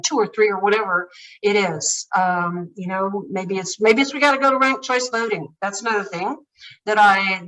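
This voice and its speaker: A woman running for office answers interview questions earnestly, often pausing and restarting. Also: mid-range voice, fairly bright tone, recorded from a distance, poor audio. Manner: earnest, halting, with many fillers and restarts. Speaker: political candidate guest.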